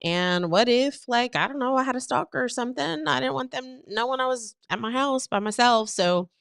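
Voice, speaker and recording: A woman's voice: fairly high pitch, normal speed, creaky, smooth, no room sound, clean studio sound. A woman in her forties, co-hosting a casual chat, telling stories with lots of laughter. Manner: laughs often, animated storytelling. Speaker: podcast co-host.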